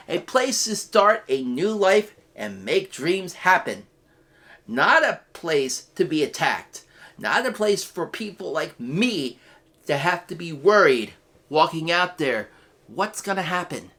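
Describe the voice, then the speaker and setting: An earnest man hosts a web show's news segment with impassioned commentary. He talks slowly and deliberately. His pitch rises and falls a lot, and he breaks into loud, emphatic outbursts. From United States. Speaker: host of a weekly web show news segment.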